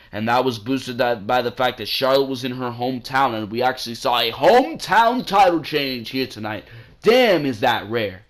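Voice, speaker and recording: A man giving casual solo commentary as a wrestling show reviewer, animated and blunt, swearing now and then and calling listeners "bro". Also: mid-range voice.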